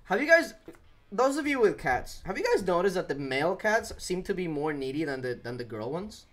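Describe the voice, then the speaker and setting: A man streaming a mobile game, chatting casually with viewers and cooing softly to his cat. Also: sits high, a little fast. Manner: animated, talks to chat and coos to his cat. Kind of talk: casual live-stream chat.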